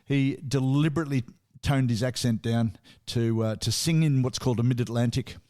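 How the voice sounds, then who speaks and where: A man's voice: medium pitch, fairly even intonation, normal speed, mellow. A man co-hosting a casual music podcast, chatty and storytelling, with asides and laughs. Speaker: podcast co-host.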